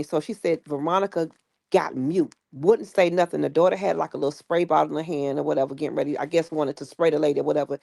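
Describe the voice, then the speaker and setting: A woman, casually retelling a story and acting out the quoted people in lively bursts. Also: lowish voice, quick pace, gravelly, no room sound, clean studio sound. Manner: animated retelling with quoted voices. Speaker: guest recounting stories.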